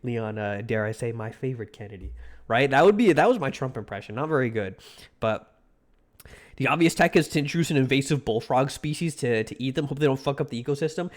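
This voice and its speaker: A young man live-streams in a loose, rambling chat with his audience. He gets excitable, jokes around and swears freely, his voice sitting in a middling pitch for a man. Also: fast talker.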